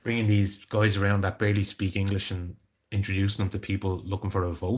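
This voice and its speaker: A man's voice: low voice, monotone, fast. An Irish man chatting casually on a live stream, rambling and greeting viewers by name. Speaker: livestreamer.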